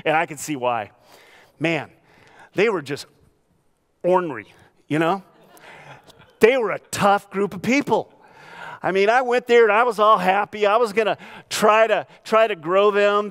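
A male pastor delivering a sermon, telling stories with animated laughs. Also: high voice, clean tone. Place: church sanctuary.

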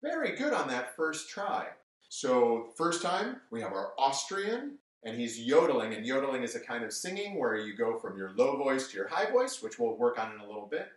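A man teaching a music lesson to children on television, cheerful and brisk as he talks straight to the kids. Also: mid-range voice, very animated. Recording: echoey room, mic at a distance.

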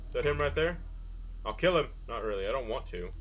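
A man's voice: medium pitch, expressive, fast talker, fairly bright tone, muffled recording, a little hiss or hum. A young man casually commenting on his gameplay in a goofy way, full of silly mild exclamations. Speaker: gameplay video host. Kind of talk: casual let's-play commentary.

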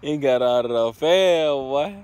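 Slow, laid-back man vlogging. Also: mid-range voice, animated, a little mellow, smooth. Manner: laid-back slang, stumbling over words, chuckling. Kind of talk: casual vlog.

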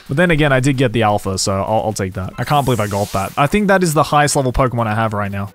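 A man streaming a video game live, commenting excitedly with lots of slang and swearing. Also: mid-range voice, very fast, hardly any pauses.

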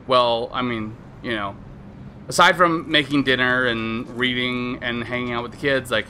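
A man in his thirties streaming a video game, talking candidly and rambling, trailing off, then bursting into high excited reactions at the game. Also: moderate pace, a little hiss or hum. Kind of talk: casual let's-play commentary.

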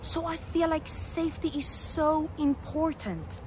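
A woman's voice: sits high, animated, a little slow, slight background noise. A woman from Africa, hosting a vlog in a chatty, joking way and reading facts aloud. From South Africa. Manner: chatty, joking, self-correcting. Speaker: vlogger. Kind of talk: casual vlog chat and read-out narration. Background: loud background music.

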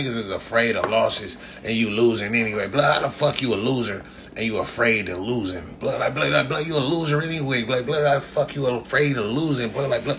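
Blunt guy lecturing on his stream, keeps firing rhetorical questions, bright sharp voice. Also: medium pitch, a little hiss or hum. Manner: blunt, profane, repeats "blood" constantly. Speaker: livestream host answering chat. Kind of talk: casual livestream rant.

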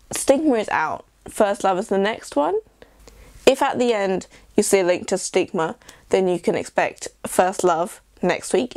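A woman's voice: mid-range voice, darkish tone, dry recording. A young English woman vlogging in a rambling, self-deprecating casual chat. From England. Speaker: YouTuber.

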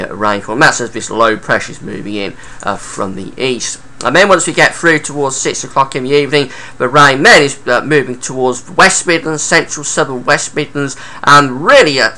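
Man, bright forceful tone, casual forecast update, lots of uhs, mid pitch. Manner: talks through weather charts with many uhs. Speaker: amateur weather forecaster.

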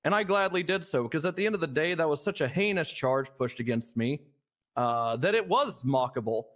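A man's voice: on the high side, expressive, brisk, fairly bright tone. A man voicing a cocky, glib young police recruit in a live role-play, rambling with fillers and restarts. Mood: smug. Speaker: streamer playing a police recruit.

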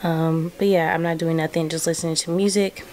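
Young woman, casual vlog chatter, lowish voice, camera mic at home, steady household noise behind. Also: a little fast. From Southern California. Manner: chatty, laid-back, addresses viewers as girl and y'all. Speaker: vlogger. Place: at home indoors. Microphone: camera on a stand. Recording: home camera audio with clear room noise.

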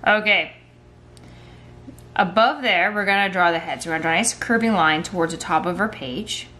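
A woman's voice: fairly low pitch, moderate pace, bright, forceful tone, faint music behind. A woman running a playful kids' drawing tutorial, telling a story and guiding each step. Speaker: art teacher for kids.

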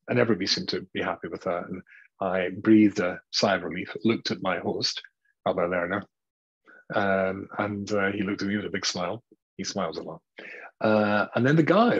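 A rabbi gives a lecture in a somewhat low, husky voice, telling a wry story against himself with plenty of halting restarts. The recording is dull and lo-fi. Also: male voice. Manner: self-deprecating, halting with restarts. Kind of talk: lecture with a humorous anecdote.

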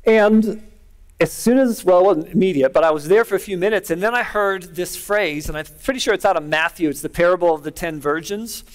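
A man's voice: sits high, brisk. Earnest man preaching a sermon. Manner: storytelling, conversational and earnest. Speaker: pastor.

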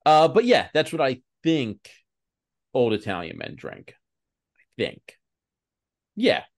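A man co-hosting a podcast in casual chat, animated, acting out the people in his stories. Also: medium pitch, takes it slowly, gravelly. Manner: animated storyteller, acts out quoted people. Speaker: podcast co-host.

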